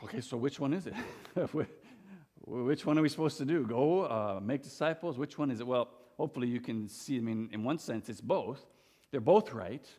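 A young male pastor preaches in an earnest, emphatic way, now and then stumbling over his first words. His voice sits a little on the higher side. It rings out with a long reverb in a church sanctuary. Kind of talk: sermon.

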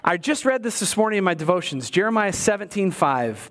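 Man, pastor, high voice, lively church sermon, emphatic swings and wry asides. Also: fairly quick, hardly any pauses. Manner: lively preaching, rising to emphatic highs and dropping low; joking asides to the congregation.

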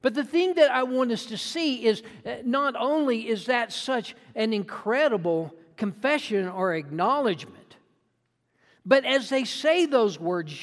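Unhurried sermon preacher, emphatic and earnest, recorded in a big echoing sanctuary. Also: medium pitch, expressive. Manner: earnest, emphatic teaching with frequent restarts. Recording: long reverb in a large hall.

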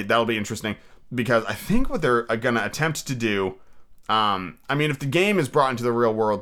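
A man hosting a podcast, chatting casually about films and reading a classic story aloud. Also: mid-range voice. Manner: relaxed, swears casually. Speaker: podcast host.

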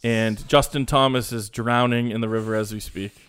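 A man co-hosting a casual sports podcast, rambling and animated, with restarts and mocking asides. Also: medium pitch, normal speed, smooth. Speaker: podcast co-host.

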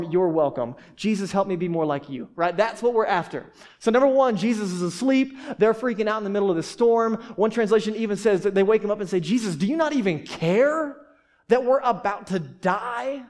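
A man's voice: sits high, fairly quick, hardly any pauses, a little mellow. A man preaching a sermon to a congregation in a casual, conversational way, asking rhetorical questions and often restarting his words. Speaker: pastor.

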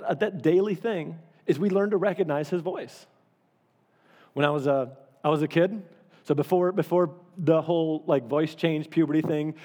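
Heard through long hall reverb, a man with a slightly high, mellow voice preaches a sermon. He's a pastor speaking casually and conversationally, frequently repeating phrases to drive points home.

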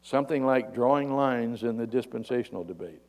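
A man's voice: medium pitch, fairly quick, darkish tone. A male preacher giving a folksy, conversational sermon.

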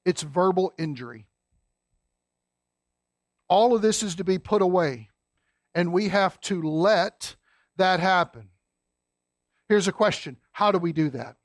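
A man preaching a sermon as a pastor, folksy and emphatic, dropping low and quiet to stress a point. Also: expressive, measured pace, pauses often, no echo, clean studio sound.

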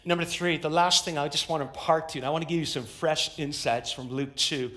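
A man preaching a sermon, swinging from hushed, slow lines to sudden shouted climaxes. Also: fairly high pitch, steady tone. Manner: dynamic, swings between loud and hushed. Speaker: pastor.

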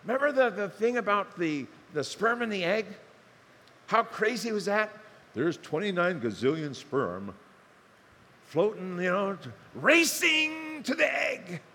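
Older pastor in a reverberant hall. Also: male voice, sits high. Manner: animated, conversational, acts out dialogue with humor. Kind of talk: sermon storytelling. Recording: long hall reverb, faint ambience.

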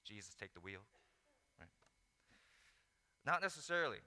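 A man preaching a sermon, telling the story with lively acted-out asides. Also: mid-range voice, moderate pace. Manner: animated storytelling, acts out disciples in mock voices. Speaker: pastor. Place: large hall. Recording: echoey hall.

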